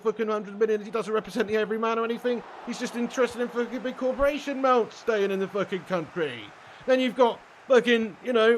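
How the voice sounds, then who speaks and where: British man, young, high voice, sweary ranting, live game stream chat. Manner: sweary, ranting, laughs often. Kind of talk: casual live-stream rant.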